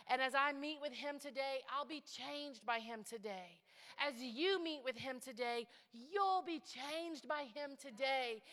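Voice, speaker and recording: Bright-voiced woman pastor preaching. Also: high-pitched. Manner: swings from hushed, intimate asides to rising, building exhortation. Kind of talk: sermon. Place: large church sanctuary. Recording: long church hall reverb.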